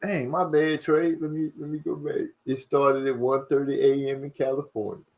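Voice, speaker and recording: A man hosting a casual livestream, reading viewer comments aloud and rushing and stumbling over his words. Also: medium pitch, level tone. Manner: fast-talking, rushes and stumbles over words. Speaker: livestream host.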